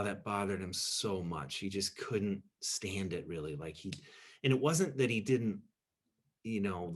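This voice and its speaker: A man with a fairly low voice leads his church group through a relaxed teaching talk. He rambles, trails off, and fills his sentences with "you know" and self-deprecating asides. He pauses to invite the listeners to chime in. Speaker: pastor leading a group discussion. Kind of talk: casual teaching talk with audience questions.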